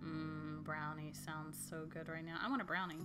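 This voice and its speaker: A woman's voice: deep voice, little pitch movement, moderate pace. A young woman giving giggly, exclamatory commentary while playing a dating game, over faint music. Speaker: gamer.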